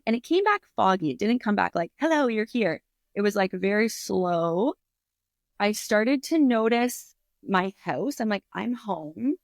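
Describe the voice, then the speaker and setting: On an interview show, a woman author with a mid-range voice recounts a personal story as a podcast guest. Her animated, filler-heavy retelling is candid, with free swearing and acted-out reactions. The sound is studio quality, without echo.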